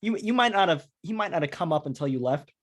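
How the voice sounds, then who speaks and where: A man's voice: on the high side, lively intonation, fast, fairly bright tone. A man in his thirties hosting a podcast, chatting casually and rambling, swearing freely with frequent restarts. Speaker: podcast host. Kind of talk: casual chat.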